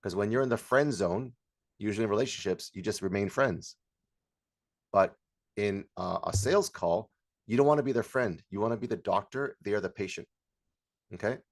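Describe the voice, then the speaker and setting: A man's voice: on the low side, brisk. A middle-aged man coaching on sales, talking energetically and acting out bits of calls. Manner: energetic, acts out call dialogue, shouts hype lines. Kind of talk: sales training talk.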